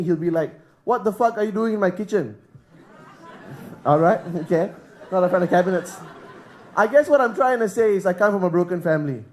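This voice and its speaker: A high-voiced man from Singapore working a comedy club stage on a handheld mic. His delivery is deadpan and self-mocking, with jokes landing flat on purpose. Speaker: stand-up comedian. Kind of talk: stand-up set.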